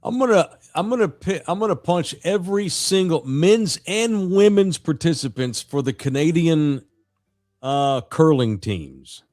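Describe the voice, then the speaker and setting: A man co-hosting a sports radio show, telling stories in a loud, profane, animated way. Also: fairly high pitch, a little slow, no echo, clean studio sound, faint music behind. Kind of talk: casual sports talk.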